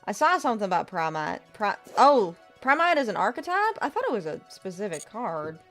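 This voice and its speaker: Casting: twangy Southern gal greeting viewers, a woman doing the accent, bouncy animated delivery. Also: medium pitch, brisk, soft background music. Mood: playful. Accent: put-on American Southern. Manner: lively, drawling, greets viewers with howdy. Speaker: game streamer. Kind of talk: casual live-stream chat.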